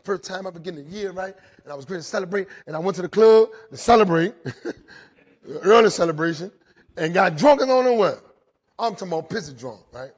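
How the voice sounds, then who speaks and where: His voice is high and brisk, with lively intonation. He's a middle-aged man telling inmates inside a jail about his recovery, earnest throughout, repeating himself and capping almost each sentence with "right?"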